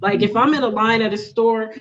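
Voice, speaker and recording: A woman's voice: fairly high pitch, steady tone, a little fast, muffled recording, slight background noise. A woman talking candidly in a casual group chat, laughing now and then. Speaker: guest.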